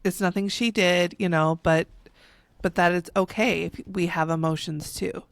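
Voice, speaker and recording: A woman co-hosting a podcast in casual chat, thoughtful and measured. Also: lowish voice, fairly even intonation, dry recording, studio quality.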